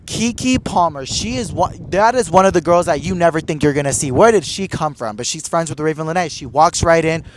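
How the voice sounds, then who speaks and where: A young man hosting a podcast, telling stories in a gossipy, excitable way full of "like". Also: on the high side, fairly quick, few pauses, slight background noise. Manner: excitable, gossipy, heavy "like" filler. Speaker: podcast host. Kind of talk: casual chat.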